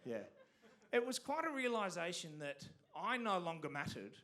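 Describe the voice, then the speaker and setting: A man's voice: high voice, very animated, moderate pace, pushed and bright. A man with an Australian accent from Canberra doing a stand-up comedy set on a theatre stage, self-deprecating and stumbling over restarts.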